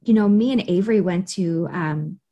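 A woman in casual conversation, recounting events in an animated way and acting out what people said. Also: on the low side, normal speed. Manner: animated storytelling, acting out quoted speech.

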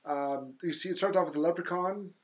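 A man's voice: high-pitched, a little fast. Man, podcast co-host, casual movie review, rambling plot recap, filler-heavy.

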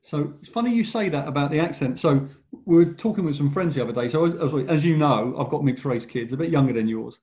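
Slightly high-voiced English interviewer, dull sound. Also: male voice, animated, a little mellow. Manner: measured, thoughtful questioning. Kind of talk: casual interview questions.

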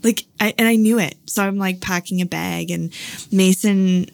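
A woman chatting casually as she tells a personal story, full of fillers and quick laughs, acting out the voices of the people in it. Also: mid-range voice, fairly even intonation, creaky, no echo.

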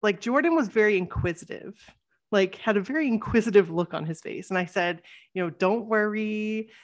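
A woman podcast host telling a story in casual chat, acting out quoted lines with lively voice changes. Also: mid-range voice, moderate pace. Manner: animated, acts out quotes with shifting voice.

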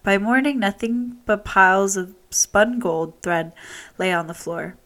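A woman storyteller reading a fairy tale aloud with steady, expressive delivery. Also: mid-range voice, measured pace.

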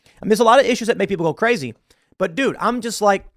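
A man's voice: high voice, fast talker, fairly bright tone, dry recording, studio quality. A man hosting a podcast, delivering an exasperated opinion rant with frequent laughs and repeated words. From United States. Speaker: podcast host.

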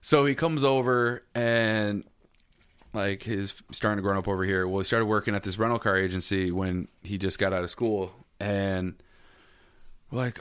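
A man's voice: fairly low pitch, steady tone, moderate pace, a bit bright, smooth, no echo. Male podcast co-host, teasing and crude, dry close-mic sound, anecdote teller. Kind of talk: casual podcast banter.

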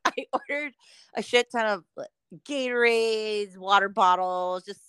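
A woman's voice: mid-range voice, measured pace, fairly bright tone, clear, resonant tone, no echo, clean studio sound. A middle-aged woman from Southern California, co-hosting a podcast and telling stories in casual chat, swearing and laughing often. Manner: profane, laughing storyteller. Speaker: podcast co-host.

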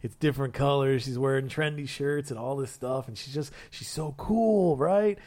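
A man's voice: mid-range voice, moderate pace, darkish tone. A man co-hosting a podcast, retelling a comic book story in casual chat and acting out quotes in funny voices. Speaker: podcast co-host.

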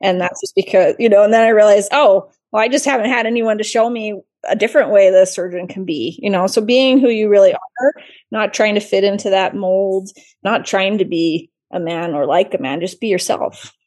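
A woman surgeon telling stories in a chatty, expressive way during an interview. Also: medium pitch, fairly quick. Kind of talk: casual interview storytelling.

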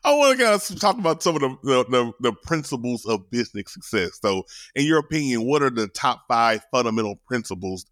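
A man's voice: medium pitch, sing-song, a little fast, few pauses, fairly bright tone, no echo. Playful man hosting a podcast, dry sound. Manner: playful, encouraging. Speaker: podcast host. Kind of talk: casual interview.

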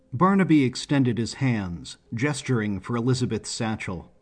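A man narrating an audiobook story in a measured, even delivery. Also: medium pitch, soft background music.

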